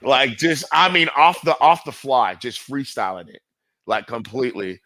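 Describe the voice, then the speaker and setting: A middle-aged man with a bright, forceful voice, spinning loose stories as an interview guest. He rambles, swears freely and leans on fillers, in a dry, close recording. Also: mid-range voice, lively intonation, moderate pace, dry recording. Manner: rambling, profane, heavy with fillers. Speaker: guest skateboarder. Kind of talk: casual storytelling interview.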